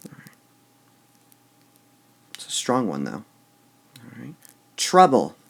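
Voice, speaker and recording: A man's voice: fairly low pitch, big pitch swings, slow, creaky, fairly bright tone, husky. A man teaching a recorded lesson on poetic meter. He goes step by step, says "all right" often between steps, and repeats words with shifting stress to show the beat.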